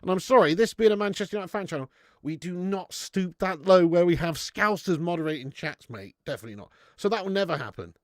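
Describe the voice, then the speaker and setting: Talking fast in a high, expressive voice, a man runs a live football watch-along for his fan channel from a streaming setup in his home garage. He reads viewer messages aloud, chatting casually and cursing, and the recording is dry with clean studio sound.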